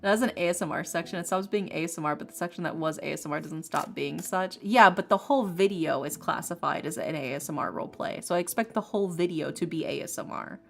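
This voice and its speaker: A woman streamer chats casually with her audience in a fairly low voice, emphatic and opinionated, breaking into frequent laughs. She argues her points with animated energy. Soft lofi music plays faintly underneath. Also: fast, vocal fry, hardly any pauses. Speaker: streamer, ASMR creator. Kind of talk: casual chat on a livestream.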